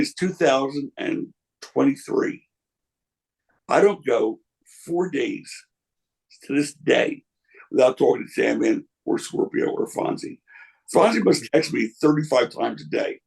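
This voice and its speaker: A man's voice: medium pitch, gravelly, darkish tone, slightly rough, low-quality recording. An older man, a former wrestling promoter, answering interview questions with candid anecdotes and quoting people along the way. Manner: candid, anecdotal, quotes others in voices.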